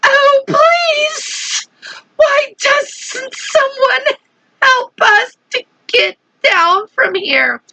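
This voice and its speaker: A woman voicing a giddy, pleading female spider in a storybook, squeaky and very high. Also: expressive, drawn-out words, pushed and bright, full character voice, poor audio.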